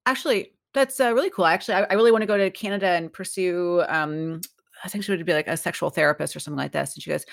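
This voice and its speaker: A woman chatting casually as a podcast guest, telling lively stories and acting out the people she quotes. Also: on the low side, fast talker, vocal fry. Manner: animated, acts out quoted voices. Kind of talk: casual storytelling chat.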